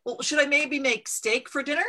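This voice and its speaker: Exasperated country mom in a storybook, high bright pleading voice, played by a woman reader. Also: fairly even intonation, normal speed. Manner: exasperated, pleading, raised pitch. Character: fed-up, stubborn country mother and cook. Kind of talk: storybook read-aloud.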